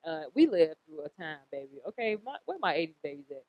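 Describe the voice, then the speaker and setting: A woman in her late thirties hosting a podcast, giving a casual tarot reading in a blunt, profane and animated way, often repeating herself. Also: deep voice, a little fast, no room sound. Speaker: podcast host. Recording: dull lo-fi recording.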